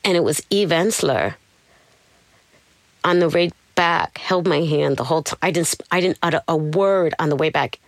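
A woman's voice: deep voice, moderate pace, gravelly, no room sound. A woman being interviewed, telling her life story candidly and with animation. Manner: candid, animated, tells her story acting out what others said. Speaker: interview guest. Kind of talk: personal storytelling.

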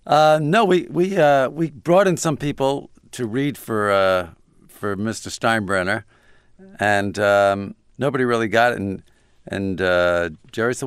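An older man telling anecdotes as an interview guest in a wry, halting way, on a studio microphone. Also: fairly low pitch, smooth, no echo.

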